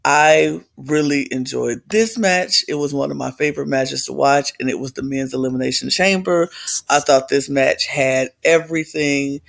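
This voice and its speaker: A man co-hosting a podcast in casual chat, relaxed and given to repeating himself. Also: on the high side, creaky. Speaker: podcast co-host.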